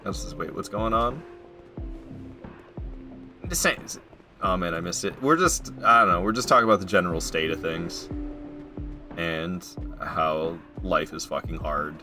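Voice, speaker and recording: A man's voice: low voice, normal speed, pauses often, music in the background. A young man streaming a game, chatting casually and swearing freely, working himself up into heated rants.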